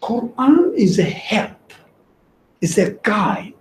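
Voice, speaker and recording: A man's voice: high voice, very animated, takes it slowly, darkish tone. A man teaching religious ideas in conversation, patiently reasoning aloud and giving everyday examples. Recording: echoey room with faint noise.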